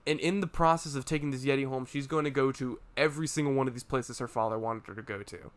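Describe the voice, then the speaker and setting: A young man co-hosting a podcast in casual chat, excitable, laughing often and acting out scenes as he tells them. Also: mid-range voice, fast. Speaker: podcast co-host.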